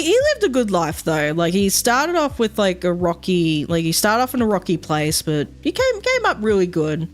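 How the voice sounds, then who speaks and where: Rambling woman streamer. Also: lowish voice. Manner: rambling, swears freely, many fillers. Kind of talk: casual stream chat.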